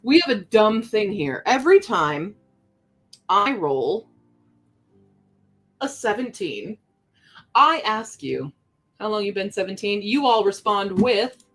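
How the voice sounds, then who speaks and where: Chatty woman streaming over soft music. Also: medium pitch, big pitch swings, slow, pauses often, poor audio. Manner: chatty, reads chat aloud, talks while crafting. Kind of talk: casual live-stream chat.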